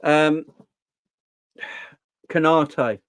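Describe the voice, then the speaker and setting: Brief: male stream host, animated slangy football talk, dry close sound. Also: a little high, very slow, no room sound. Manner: animated, slangy, answers chat. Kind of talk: casual live-stream chat.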